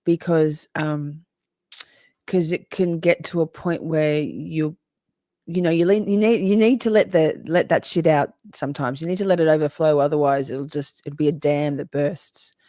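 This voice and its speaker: A woman's voice: deep voice, fairly even intonation, moderate pace, dark tone, dry recording, studio quality. A woman hosting a live stream, reading chat aloud and talking back in a casual, emotional, sweary way. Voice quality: swears freely, emotional and chatty. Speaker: livestream host reading chat.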